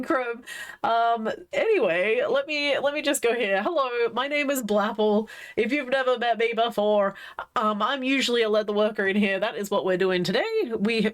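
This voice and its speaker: A woman hosting a livestream in a casual, rambling, giggly way. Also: on the high side. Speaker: livestream host, leatherworker. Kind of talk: casual chat.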